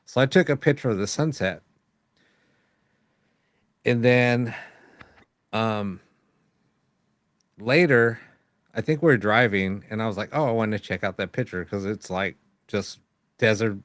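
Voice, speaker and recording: A man's voice: lowish voice, measured pace, pauses often, no room sound. A man hosting a live paranormal show, telling a long story in casual chat, rambling with many fillers and acting out quoted lines.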